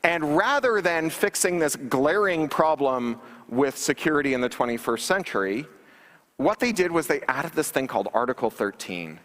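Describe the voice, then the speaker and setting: A man's voice: a little high, lively intonation, normal speed, a bit bright. Wry, emphatic man lecturing in a hall. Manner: wry, emphatic, sarcastic asides. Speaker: conference keynote speaker. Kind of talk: public lecture. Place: large conference hall stage. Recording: reverberant hall livestream capture.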